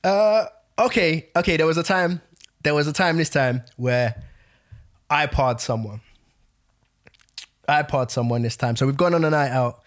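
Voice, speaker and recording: A man's voice: a little high, unhurried, pauses often. A young man from London co-hosting a podcast in easygoing casual chat. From London, England. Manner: easygoing, short agreeing replies. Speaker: podcast co-host, actor.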